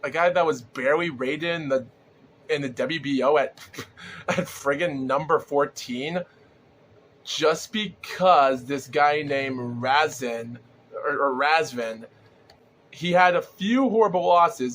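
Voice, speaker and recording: A man hosts his own podcast alone, rambling and excitable, circling back through fillers and false starts. His voice sits a little high, yet his throat sounds sore and groggy and he runs short of breath. A faint hiss sits under the recording. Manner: rambling, excitable, many fillers and restarts, laughs often. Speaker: podcast host. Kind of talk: solo casual podcast commentary.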